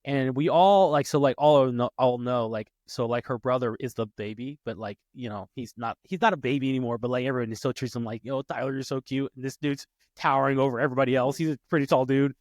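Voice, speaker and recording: A man's voice: mid-range voice, fast talker, hardly any pauses, no echo. A man in his late twenties, a podcast host in casual chat, telling stories and acting out quotes with a rising voice. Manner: animated, acts out quotes with rising voice.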